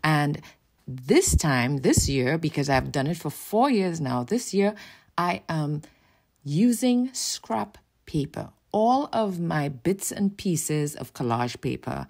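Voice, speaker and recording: Female art creator with a deep, low voice, relaxed and explanatory, talks viewers through her collage work. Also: slow pace, creaky. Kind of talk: casual art tutorial narration.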